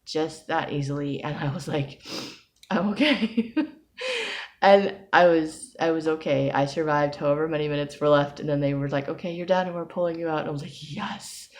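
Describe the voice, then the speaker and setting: A woman's voice: low voice, a little fast. A woman recounting a personal experience in a casual video diary, rambling with lots of fillers and quoting her own thoughts. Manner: rambling, casual storytelling with fillers and quoted self-talk. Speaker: vlogger.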